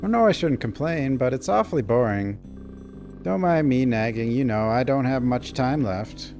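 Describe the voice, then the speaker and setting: Man putting on a sweet old lady voice, polite and grandmotherly, raised pitch, faint music behind. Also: lively intonation, moderate pace, a little mellow, natural voice. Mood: sweetly polite. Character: gentle elderly woman prisoner, sweetly polite.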